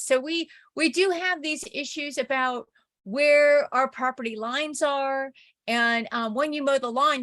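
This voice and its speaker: Woman professor, higher-pitched voice, loose chatty lecture delivery, tells stories. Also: fairly bright tone. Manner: chatty anecdotal storytelling with frequent "like" and "right?". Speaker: communication professor. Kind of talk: informal recorded lecture.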